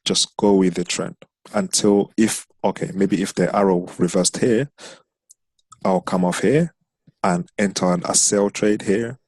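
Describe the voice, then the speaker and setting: Deep-voiced man teaching a trading lesson. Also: steady tone, measured pace, a little mellow, dry recording. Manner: explains step by step, counting candles aloud. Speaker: trading instructor. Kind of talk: screen-share trading lesson.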